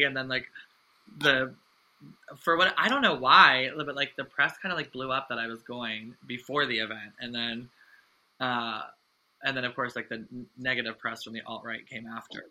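A man in his thirties, a drag artist, chats as a guest in a casual interview, earnest and effusive, with plenty of fillers and restarts. His medium-pitched voice is bright and forceful, though the audio quality is poor.

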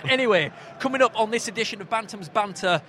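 A man's voice: high voice, quick pace, bright, forceful tone, slight background noise. A man co-hosting a podcast, bantering and teasing his co-host in casual chat. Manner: joking, teasing.

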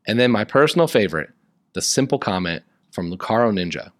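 A man's voice: fairly low pitch, expressive, brisk, no echo, clean studio sound. A young man hosting a podcast in a casual, joking way, chatting wryly about a musical and its fan fiction. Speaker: podcast host.

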